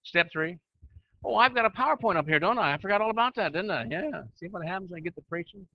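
A man's voice: high voice, animated, fast, dry recording, muffled recording. A man teaching church leaders in a conversational preaching style, often asking his listeners questions. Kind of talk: sermon-style teaching with slides.

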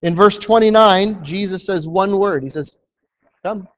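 A man's voice: sits high, moderate pace. A man preaching a sermon, telling a Bible story with emphasis and acting out quotes. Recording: dull lo-fi sound.

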